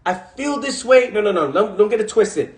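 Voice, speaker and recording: Intense high-voiced man in his twenties. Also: lively intonation, normal speed. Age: 20s. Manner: intense, repetitive rhetorical questions, swearing. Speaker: motivational speaker on a live stream. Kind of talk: casual live-stream monologue. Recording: echoey room.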